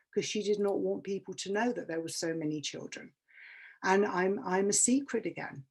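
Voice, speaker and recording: This workshop speaker is a British woman in her fifties from England whose voice is low-ish and somewhat dark. She shares a candid, emotional personal account, driving home points by repeating words.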